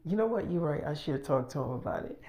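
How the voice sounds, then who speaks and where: A man voicing a tired, pregnant young wife in a hushed, breathy voice, in freestyle role-play storytelling. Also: fairly high pitch, lively intonation, fast. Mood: tired soft.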